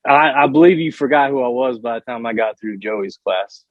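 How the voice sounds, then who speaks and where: A man's voice: mid-range voice, moderate pace, no echo, narrow, tinny audio. A man guest telling wrestling stories in casual chat, often stumbling and repeating words as he starts a sentence. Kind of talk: casual storytelling on a podcast.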